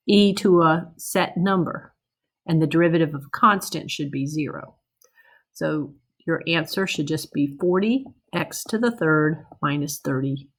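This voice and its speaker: A woman's voice: deep voice, creaky, slightly rough. A woman teaching math in a recorded lecture, working through problems in a conversational way, checking in with "okay?" and correcting herself as she goes.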